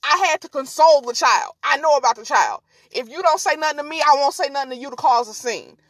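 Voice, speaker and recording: A woman voicing a stern woman passenger who firmly pleads for calm. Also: high-pitched, fast talker, no room sound. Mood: pleading.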